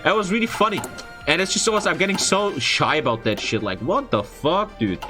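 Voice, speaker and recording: A young man, a streamer, telling a story in casual, profane, expressive chat. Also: high voice, brisk, music in the background. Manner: profane, expressive, frequent swearing.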